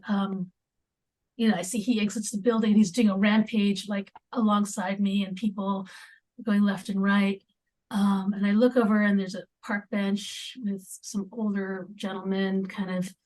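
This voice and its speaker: A woman speaking as a podcast guest in a conversational interview, halting, with many fillers and restarts. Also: mid-range voice, darkish tone. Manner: drops into near-whispers at times.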